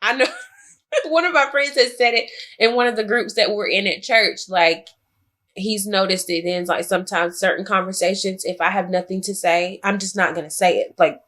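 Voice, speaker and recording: A woman co-hosting a podcast in casual chat, with a bright, forward voice. She talks in a reflective way and often stops to restart her sentences. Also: medium pitch, moderate pace. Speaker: podcast co-host.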